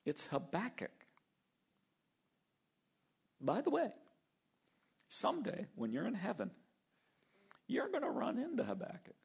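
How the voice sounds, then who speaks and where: Lively, unhurried male preacher. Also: high voice, creaky, slightly rough. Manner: animated, acting out quoted voices. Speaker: pastor. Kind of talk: sermon.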